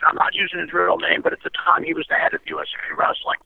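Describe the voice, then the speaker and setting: Gravelly high-voiced man on a phone line. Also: a little fast, hardly any pauses, no room sound. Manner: blunt, profane, animated, keeps checking in with "you know". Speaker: interview guest. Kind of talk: candid storytelling interview. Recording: tinny phone line, dry.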